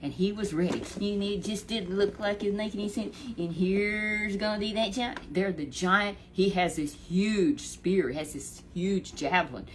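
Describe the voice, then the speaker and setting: A woman storyteller telling a Bible story in an animated, chatty way with lots of repetition. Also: medium pitch, normal speed, few pauses, a little hiss or hum.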